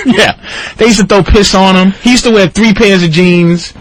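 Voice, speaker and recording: A man telling a long story on a radio talk show, profane and animated, jumping into high shouting voices for the people he quotes. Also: slow, long pauses, breathy edge. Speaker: guest storyteller.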